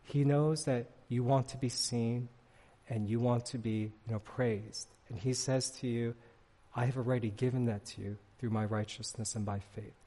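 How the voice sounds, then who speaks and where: A middle-aged man delivers a sermon in a relaxed, conversational way, as if talking with his congregation rather than at them. His voice sits at an ordinary middle pitch, and he keeps pulling listeners in with asides like "right?" as he moves through his stories. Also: normal speed, long reverb tail. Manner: conversational, animated storytelling with frequent "right?" asides. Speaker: pastor. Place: church sanctuary.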